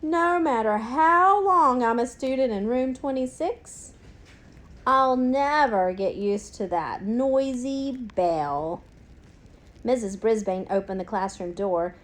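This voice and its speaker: A woman reading a children's storybook aloud in an expressive, unhurried way. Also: fairly high pitch. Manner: expressive, unhurried, with gasps and sudden bursts. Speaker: narrator.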